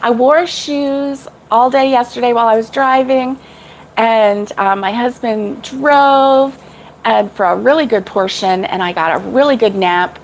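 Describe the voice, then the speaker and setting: A woman's voice: fairly high pitch, measured pace, slight background noise, poor audio. A middle-aged woman chatting casually with live viewers about crochet, rambling and laughing often. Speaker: crochet vlogger.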